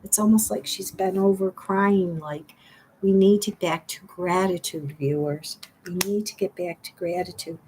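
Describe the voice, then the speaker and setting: A woman's voice: lowish voice, steady tone, moderate pace, darkish tone, slight background noise, poor audio. A middle-aged woman giving a spiritual card reading to her viewers, earnest and pleading, repeating her phrases.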